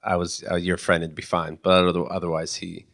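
A man's voice: low-pitched, flat delivery, fairly quick, vocal fry, fairly bright tone. A man co-hosting a podcast who makes wry jokes and chats casually about his neighborhood. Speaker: podcast co-host. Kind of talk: casual chat.

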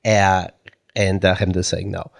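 A man hosting a podcast, talking in a deadpan, joking way in casual chat. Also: low voice, a little slow, gravelly. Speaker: podcast host.

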